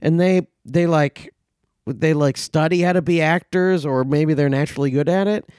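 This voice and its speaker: A man's voice: a little high, steady tone, a little fast, a little mellow, clean tone, dry recording, clean studio sound. A man co-hosting a comedy movie podcast, rambling through a casual review with lots of ums and profane outbursts. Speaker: podcast co-host.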